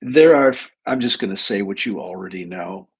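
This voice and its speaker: A middle-aged man hosting a live advice stream, telling a story from his clinical work with animated asides. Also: on the low side, moderate pace, vocal fry, slightly rough. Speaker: host, clinician.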